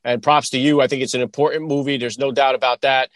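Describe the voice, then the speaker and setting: A man with a Northeastern American accent hosting a podcast, asking eager questions with quick restarts. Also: mid-range voice, flat delivery, no echo, clean studio sound. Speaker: podcast host. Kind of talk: interview, casual talk.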